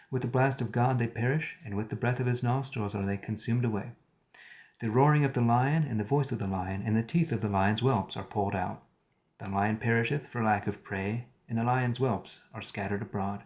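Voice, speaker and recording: His voice sits fairly low, with fairly even intonation and a slightly mellow quality. He's reading the Bible on a live stream, occasionally pausing to paraphrase the old language and comment.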